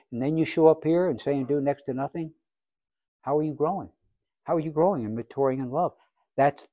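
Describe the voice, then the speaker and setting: A man preaching a sermon as pastor, asking rhetorical questions and acting out little scenes, swinging between quiet and loud. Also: medium pitch, no echo. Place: church sanctuary.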